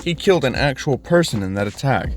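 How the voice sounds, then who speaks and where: A man's voice: mid-range voice, animated, a little fast, soft background music, pitched above the performer's own voice, natural voice. A man doing a sorry, formal school principal. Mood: regretful. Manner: formal, apologetic. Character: apologetic male school principal.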